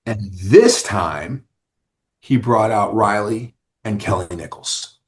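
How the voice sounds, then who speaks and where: A man's voice: on the low side, slow. A man, a rock singer, telling stories in a casual interview and acting out what others said. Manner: animated storyteller who acts out others' lines.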